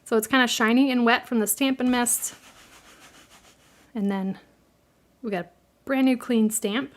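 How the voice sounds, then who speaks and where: A woman's voice: fairly high pitch, fairly even intonation, measured pace. A middle-aged woman with a Midwestern American accent hosts a live craft tutorial, chatting in a friendly way, laughing easily and answering viewers' questions.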